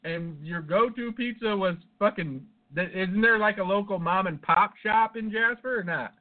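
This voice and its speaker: Casual podcast banter from a male co-host with a high voice at normal speed, who tells meandering stories and curses freely. It sounds tinny, like it came through a phone.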